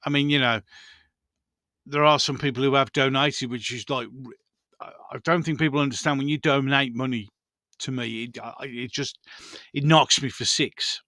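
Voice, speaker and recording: Brummie host in his fifties, candid and chatty, crisp forward voice, no room echo. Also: mid-range voice, steady tone, normal speed, bright, forceful tone, clean studio sound. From Birmingham, England. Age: 50s. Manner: chatty, rambling, frank, swears casually. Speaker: channel host. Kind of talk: casual live-stream chat.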